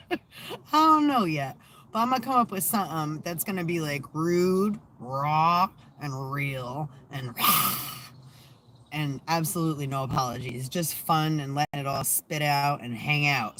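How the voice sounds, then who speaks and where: A woman's voice: deep voice, a bit bright, a little hiss or hum. A woman hosting her own channel in casual vlog chat. She is sarcastic and swears freely, laughs often, and trails off into fillers and restarts. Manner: profane, sarcastic, laughs a lot. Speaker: channel host.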